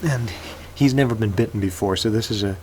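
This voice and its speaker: A man telling an improvised story in a halting way, often repeating words. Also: fairly low pitch, background noise.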